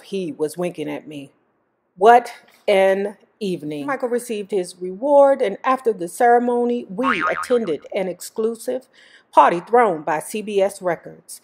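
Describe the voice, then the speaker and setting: A woman's voice: mid-range voice, darkish tone. A woman host reading a memoir aloud, breaking off for blunt, joking commentary. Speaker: YouTube host.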